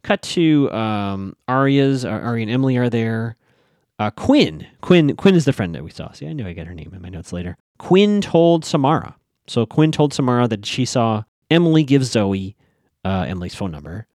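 A man casually recapping a TV episode, chatting to his audience with fillers and quick asides. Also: medium pitch, sing-song, a little mellow, dry recording, clean studio sound. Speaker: show recap host.

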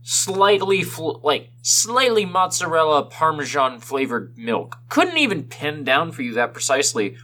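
A man's voice: fairly high pitch, very animated, a little slow, hardly any pauses, sharp tone. A man co-hosting a casual podcast, ranting with exaggerated complaints. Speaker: podcast co-host.

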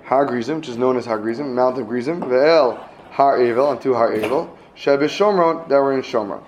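A man's voice: mid-range voice, fairly quick, a little mellow, a little hiss or hum, rough recording. A man teaching a class, reading a text aloud and translating it line by line, checking in with his students. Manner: reads phrase by phrase, translating each; asks students questions, repeats himself.

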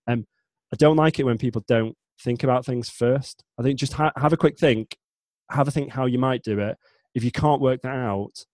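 A man's voice: mid-range voice, a little mellow, dry recording. A man in his forties from the north of England with a Northern English accent, talking casually as an interview guest in a rambling way with many restarts. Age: 40s. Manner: chatty, rambling, frequent restarts and self-corrections. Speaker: guest, chatbot developer.

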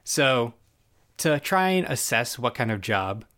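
A man's voice: medium pitch, big pitch swings, slow pace, fairly bright tone. A man in casual podcast chat, loosely retelling a TV episode with restarts and asides. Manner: loose, rambling storyteller with restarts. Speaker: podcast co-host.

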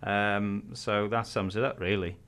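A man's voice: on the low side, steady tone, measured pace, fairly bright tone, smooth. A Welsh man co-hosting a casual podcast, laughing often as he chats. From Wales. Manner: laughs often, reads aloud in a mock-dramatic voice. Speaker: podcast co-host. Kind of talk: casual chat.

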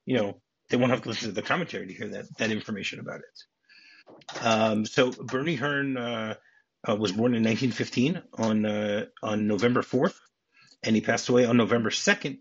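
A man's voice: mid-range voice, a little fast, muffled recording, a little hiss or hum. A man co-hosting a podcast, chatting casually and explaining film scenes and trivia at length. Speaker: podcast co-host.

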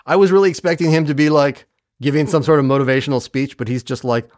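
A man hosting a podcast, recapping a TV episode in casual chat with a wry, profane, animated manner. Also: a little high, fast, no echo, clean studio sound.

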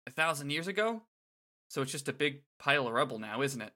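A man's voice: mid-range voice, animated, fast, sharp tone. A man reading aloud as a confused young male athlete, in a plain script-reading manner. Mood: bewildered. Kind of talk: casual script read-aloud.

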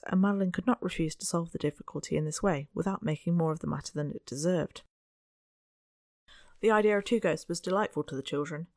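Reader for a classic-novel audiobook: steady, unhurried delivery, mid pitch, bone-dry close mic. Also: no room sound. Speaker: audiobook narrator. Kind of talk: scripted narration of a Victorian novel.

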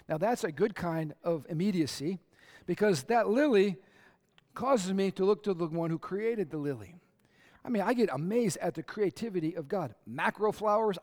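Male pastor, higher voice, lively conversational sermon with acted-out quotes.

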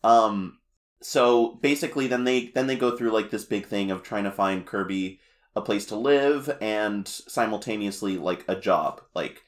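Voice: medium pitch, a little slow. A podcast co-host in casual chat, recapping a cartoon episode with rambling asides, fillers and frequent laughter.

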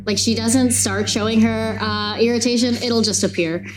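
A woman's voice: fairly high pitch, fairly even intonation, normal speed, soft background music. A woman playing a tabletop game, talking casually with fillers and laughter. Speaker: player. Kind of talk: tabletop role-play chat.

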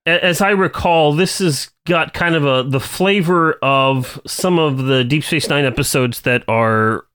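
A man's voice: on the high side, unhurried, fairly bright tone, smooth. A man co-hosting a podcast in casual, meandering chat. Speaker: podcast co-host.

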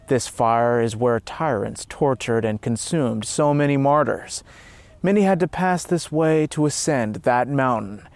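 A man voicing a solemn heavenly guide who explains visions in a measured way. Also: medium pitch, darkish tone, no echo, lightly acted.

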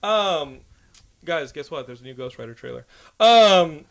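A man hosting a podcast in casual chat, excitable and rambling, swearing freely. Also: on the high side, unhurried, creaky, crowd noise. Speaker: podcast host.

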